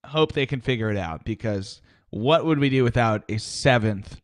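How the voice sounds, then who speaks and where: A man's voice: medium pitch, animated, normal speed, noisy background. A man co-hosting a radio show, chatting with wry, profane humor. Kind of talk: casual chat.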